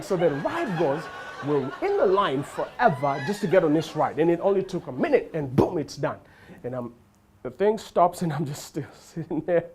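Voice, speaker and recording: A male stand-up comedian from Africa, telling animated stories and laughing along on stage. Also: fairly high pitch, moderate pace. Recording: live crowd and noise. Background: audience laughter.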